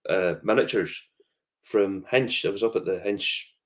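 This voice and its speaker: A man's voice: on the low side, a little slow. A man with a Northern Irish accent, a whiskey shop tour guide telling stories in casual chat, swearing freely. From Northern Ireland. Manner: animated storyteller, swears freely, acts out customers' voices.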